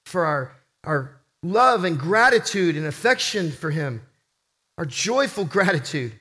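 A man's voice: sits high, pushed and bright. A man preaching a sermon as pastor, impassioned, rising and falling for emphasis.

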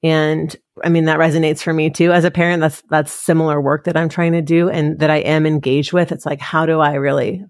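A woman's voice: deep voice, level tone, brisk, hardly any pauses, dry recording, clean studio sound. A woman hosting a podcast, talking in an earnest, reflective way about parenting and presence. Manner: earnest, reflective, tearful at times. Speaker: podcast host. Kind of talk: heartfelt conversational chat.

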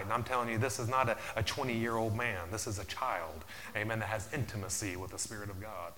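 A man preaching a sermon as pastor, repeating his phrases, dropping in "amen" often, and building to loud, emphatic peaks. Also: fairly low pitch, fairly even intonation, fairly quick, hardly any pauses, a little hiss or hum. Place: church sanctuary. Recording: long reverb of a large hall.

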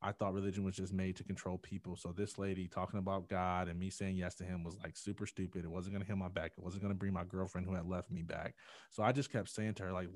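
A man's voice: deep voice, steady tone, fast, a little mellow, no echo, studio quality. A man, a podcast guest, telling a personal story in earnest and acting out the quotes with rising intensity. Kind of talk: personal testimony in a podcast interview.

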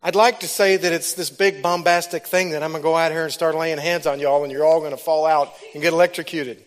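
A man's voice: fairly high pitch, fairly even intonation, quick pace. A man giving a sermon, telling a personal testimony that builds into fervent preaching. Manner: storytelling, rises to loud fervent preaching.

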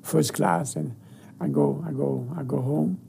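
An older man with a thick French accent talks in an animated, enthusiastic way, often repeating his words. His voice is very gravelly, dark and husky, and his pitch swings widely. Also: unhurried. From France. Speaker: guest chef. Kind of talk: casual interview.

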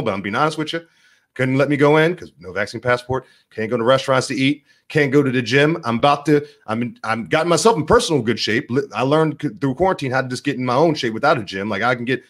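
Man, vlog host, rapid-fire combative rant, medium voice. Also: medium pitch. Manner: combative, rapid, rambling delivery.

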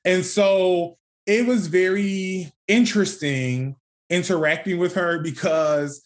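Young man, casual podcast chat, candid, laughing, swearing, somewhat high pitch. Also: slow pace. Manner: candid storytelling, swears freely, laughs often. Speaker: podcast co-host.

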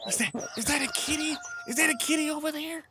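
A man voicing a sly, hungry male gopher who tricks and bargains, sometimes slipping into a deep voice, in an audio comedy sketch. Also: fast, music in the background. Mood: teasing. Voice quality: slips into a deep voice. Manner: wheedling, teasing, bargaining.

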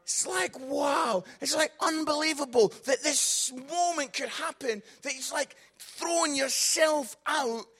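A man with a Scottish accent, preaching to a congregation in a comic, animated storytelling style with acted-out quotes. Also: very high voice, measured pace, hardly any pauses. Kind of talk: humorous storytelling sermon.

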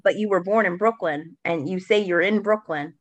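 A woman's voice: lowish voice, normal speed, dry recording. A woman co-hosting a podcast in casual chat, self-assured and talkative, with frequent restarts. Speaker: podcast co-host.

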